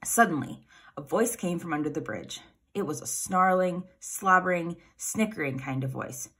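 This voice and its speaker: A woman reading a children's fairy tale aloud in an expressive, animated way. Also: on the low side, moderate pace, slightly rough. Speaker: storyteller.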